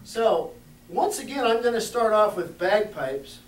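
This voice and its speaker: A man's voice: high-pitched, expressive, measured pace. A man hosting an organ concert, teasing the audience with goofy, corny jokes. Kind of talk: joking concert patter. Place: organ showroom hall. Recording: roomy, distant, faint room noise.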